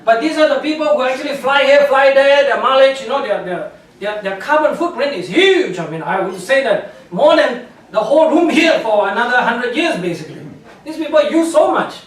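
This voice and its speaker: A man giving a public lecture with slides, speaking animated, scornful English with non-native grammar and laughing at his own points. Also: extremely high pitch, brisk. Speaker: guest speaker, scientist. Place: lecture room with audience. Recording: echoey hall from far off.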